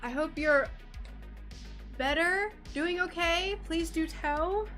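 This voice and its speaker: High-voiced bubbly woman chatting slowly. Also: faint music behind. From United States. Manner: bubbly and chatty, greets viewers warmly by name. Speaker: craft streamer. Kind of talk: casual live-stream chat while painting glass.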